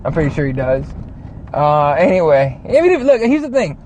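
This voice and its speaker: Swearing, high-voiced man ranting in a car. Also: very animated, normal speed, darkish tone, lo-fi sound. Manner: rambling, swears a lot, reads chat comments aloud. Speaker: show host. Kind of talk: casual profane rant.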